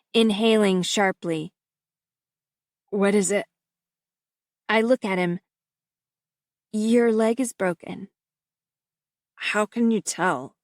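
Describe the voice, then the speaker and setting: A woman narrating a novel in the first person, in a measured, steady storytelling manner on a close mic. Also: mid-range voice, no echo. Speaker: audiobook narrator. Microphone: close studio mic.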